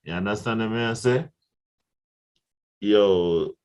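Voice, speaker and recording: In a relaxed interview, a young Jamaican guest artist tells his stories at a slow pace, his voice swinging from low murmurs to high, excited bursts. He laughs often and acts out the other people in his tales.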